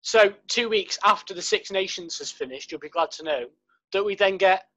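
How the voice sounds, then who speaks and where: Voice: medium pitch, moderate pace, fairly bright tone, muffled recording. A co-host of a rugby podcast, teasing and quizzing the others. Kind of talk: casual rugby chat.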